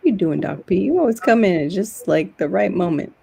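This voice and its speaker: A woman's voice: on the low side, animated, a little fast, creaky, warm tone, husky. A woman hosting a casual online talk show, chatting and laughing often. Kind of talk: casual chat.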